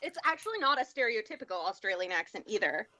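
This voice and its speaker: A woman's voice: medium pitch, very animated, fast talker, pushed and bright. A woman voice actor talking modestly and with hedges about her skills. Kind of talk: casual chat on a call.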